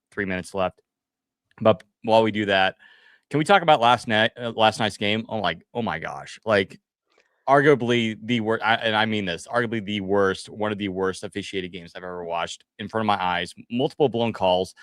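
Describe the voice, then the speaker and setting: A man co-hosting a live reaction stream, talking in a rambling, excitable way with many restarts. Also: fairly low pitch, normal speed, dry recording, studio quality. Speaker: co-host of a team podcast stream. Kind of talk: casual live reaction chat.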